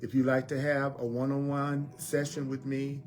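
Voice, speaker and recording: A man giving a spiritual teaching talk as a teacher, slowly and deliberately repeating affirmations. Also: medium pitch, little pitch movement, a little mellow, a little hiss or hum. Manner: slow, deliberate repetition of affirmations.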